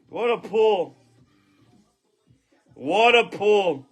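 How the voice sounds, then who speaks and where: Loud, swearing male box break host, high and bright voice, swings wildly in pitch, bursts into shouts. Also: unhurried, faint music behind. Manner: excitable, profane, shouts at big pulls. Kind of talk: live box break stream commentary.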